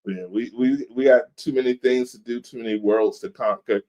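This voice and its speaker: A man's voice: mid-range voice, steady tone, moderate pace, mellow. A man in his thirties, co-hosting a podcast in casual chat, telling laid-back stories and acting out quotes. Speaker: podcast co-host. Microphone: video call.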